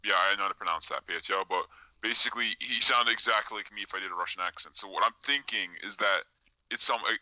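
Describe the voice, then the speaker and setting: A young man with a very low voice answers questions haltingly, full of fillers and restarts. His tone is bright and forward. The sound is dry and close. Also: no echo, poor audio. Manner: hesitant, halting, many fillers and repeats. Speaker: guest claiming to be a time traveler. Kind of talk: casual live-stream interview.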